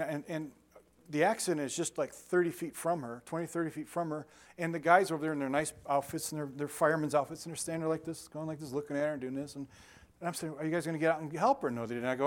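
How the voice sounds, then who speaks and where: An older man delivers a sermon in a somewhat raised pitch. He moves between scripture and loose personal anecdotes, often restarting his sentences and chuckling at himself. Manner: conversational storytelling with frequent restarts and laughter. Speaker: pastor.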